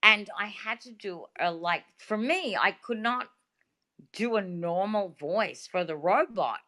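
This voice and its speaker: Australian lady chatting on a video call, bright sharp voice, rambly and animated. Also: mid-range voice, measured pace. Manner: chatty, animated storytelling with many fillers. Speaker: guest. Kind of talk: casual interview talk.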